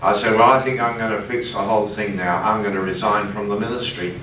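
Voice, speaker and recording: Australian preacher in an echoey hall. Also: male voice, on the low side, fairly quick, a little hiss or hum. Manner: animated personal storytelling, voice jumps up for quoted exclamations. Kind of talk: sermon storytelling. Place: conference hall. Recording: echoey hall, distant mic.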